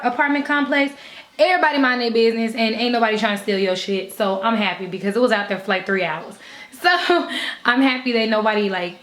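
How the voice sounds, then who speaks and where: Chatty, cursing young woman. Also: on the high side. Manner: chatty, swears freely, laughs between thoughts. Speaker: vlogger. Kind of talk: casual vlog. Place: her apartment bedroom.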